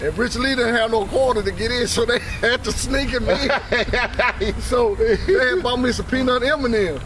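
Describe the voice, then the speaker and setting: A man's voice: very high-pitched, normal speed. A man in his fifties eagerly cutting in to tell his side of a family story, laughing as he goes. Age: 50s. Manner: excited storyteller, laughs and cuts in. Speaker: family member telling a story. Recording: distant mic with clear noise.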